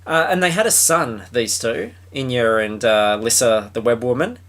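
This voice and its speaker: A man's voice: mid-range voice, moderate pace, fairly bright tone. A man hosting a podcast, recapping a novel in casual chat with sarcastic, mocking asides. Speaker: podcast host. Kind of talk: casual book-review chat.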